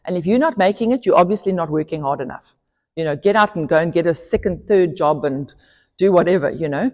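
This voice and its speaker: A woman pastor delivers an earnest sermon, her voice low-pitched and mellow. She grows emphatic on scripture, and a long church-hall reverb trails her words. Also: a little fast, dull audio. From South Africa.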